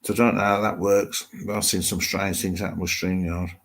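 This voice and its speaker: A man's voice: sits low, flat delivery, moderate pace, breathy edge. A middle-aged man with an English Midlands accent, hosting a live stream and chatting loosely with viewers' comments, rambling as he thinks aloud.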